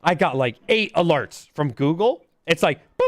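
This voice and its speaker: A man in his thirties tells a story in animated casual chat, his pitch a little high and leaping all over as he imitates beeps and quotes himself. He drops "bro" and "dude" constantly. The sound is dry and close. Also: normal speed, no room sound. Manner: says "bro" and "dude" a lot. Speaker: caller.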